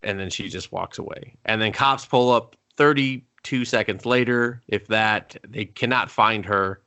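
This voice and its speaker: A man co-hosting a casual movie review podcast, sarcastic and profane, often slipping into quick mock voices to act out scenes. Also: fairly low pitch, bright, forceful tone, clean tone. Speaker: podcast co-host.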